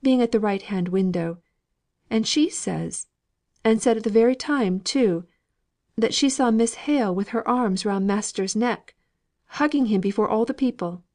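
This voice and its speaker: A woman's voice: a little high, unhurried, a little mellow, pitched above the performer's own voice. A woman voicing a chatty, gossiping female servant in an audiobook reading. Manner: chatty, confiding, homely speech.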